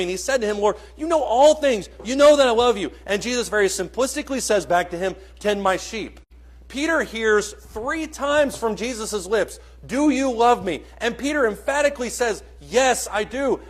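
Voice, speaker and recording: A man preaching a sermon in a church, earnest and questioning, swinging between soft and loud. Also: sits high.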